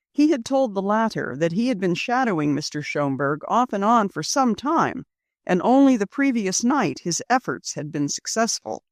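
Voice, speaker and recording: Expressive woman reading an audiobook. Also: on the low side, dry recording, studio quality. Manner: expressive storytelling. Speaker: audiobook narrator. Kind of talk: scripted narration.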